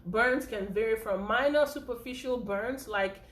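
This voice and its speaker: Recorded in an echoey room, a woman teaches first aid informally at a moderate pace, her voice on the high side with a fairly bright tone. Slightly breathless and talkative, she goes over points again and often asks "okay?" and "right?".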